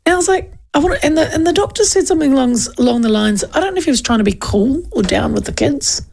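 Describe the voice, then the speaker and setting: This New Zealand talk radio host has a high, expressive voice that's quick, creaky, and darkish, with a little hiss or hum in the background. Her casual chat and news rundown ramble along with many restarts.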